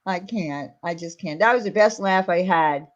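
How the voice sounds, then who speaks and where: A woman's voice: on the low side, normal speed, dull audio. A woman co-streamer in a casual chat, laughing and playfully incredulous.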